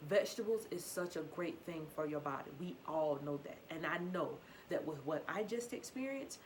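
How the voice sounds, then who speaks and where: A young woman, speaking in a fairly low voice. She talks earnestly and openly about herself, circling back to the same points and asking the listener questions. A faint hum of ambience sits under her voice. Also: animated, normal speed, poor audio. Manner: earnest, repetitive and confessional, with rhetorical questions. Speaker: faith vlogger. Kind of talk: candid personal testimony.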